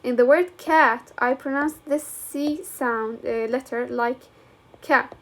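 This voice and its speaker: A young woman with a high voice and a Levantine Arabic accent gives an English lesson. She speaks slowly and deliberately, with frequent fillers as she explains. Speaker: English teacher. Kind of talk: classroom lecture.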